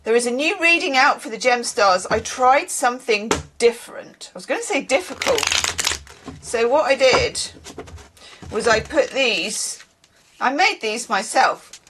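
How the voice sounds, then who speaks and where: A woman's voice: fairly high pitch, sing-song, unhurried, background noise. A woman giving a casual, rambling tarot reading to her viewers, chatting and laughing as she goes. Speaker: tarot reader.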